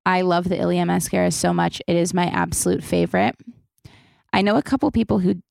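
A woman's voice: fairly low pitch, steady tone, brisk, creaky, a little mellow, no echo, clean studio sound. A young woman hosting a casual podcast Q&A, chatty and loose, swearing freely and saying "like" a lot. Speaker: podcast host. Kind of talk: casual Q&A chat.

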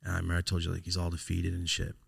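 A man hosting a podcast, telling a personal story in a raw, profane, halting way, his voice sometimes sinking almost to a whisper. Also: low-pitched, completely flat delivery, creaky, breathy edge, no echo, clean studio sound. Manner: raw, profane, halting, drops to a near-whisper when upset. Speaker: podcast host. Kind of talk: casual storytelling.

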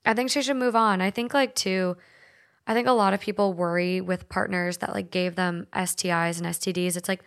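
A woman's voice: fairly low pitch, fairly even intonation, a little fast, vocal fry. Chatty, swearing woman podcast host. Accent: Minnesota. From Minnesota. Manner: swears freely, chatty, many "like" fillers. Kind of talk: casual chat, reading stories aloud.

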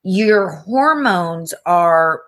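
A woman's voice: on the low side, lively intonation, very slow, fairly bright tone. A woman speaking frankly as a podcast guest, emphatic and conversational, often saying "you know" and "like". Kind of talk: candid conversational storytelling.

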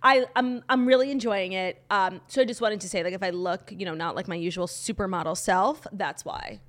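Chatty woman podcast co-host, a bit hoarse. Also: mid-range voice, a little fast. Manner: chatty, gushing, lots of "like" fillers. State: a little hoarse from crying. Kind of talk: casual chat.

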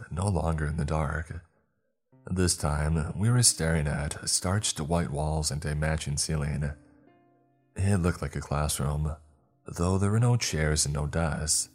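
A male storyteller reading a horror story aloud in a steady, measured delivery. His voice is extremely deep, with a husky, grainy texture. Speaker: narrator. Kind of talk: scripted horror story narration.

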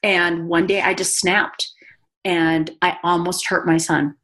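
Woman, low-pitched, earnest confessional storytelling, podcast guest. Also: level tone, takes it slowly, fairly bright tone. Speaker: guest author and speaker.

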